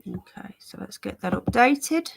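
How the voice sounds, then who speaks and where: A woman's voice: fairly high pitch, lively intonation, unhurried, creaky, breathy edge. Chatty English woman live-streaming. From England. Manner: chatty, greeting viewers by name; talks while fiddling with settings. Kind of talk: casual live-stream chat.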